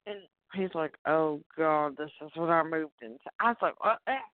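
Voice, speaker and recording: A woman with a Southern US accent, co-hosting a casual call-in radio show and rambling through animated stories with some cursing. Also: low-pitched, moderate pace, dry recording. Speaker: co-host. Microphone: phone. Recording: tinny phone line.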